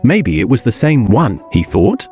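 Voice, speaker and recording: A man narrating a fantasy audiobook in a wry, expressive storytelling manner. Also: medium pitch, a little slow, over music.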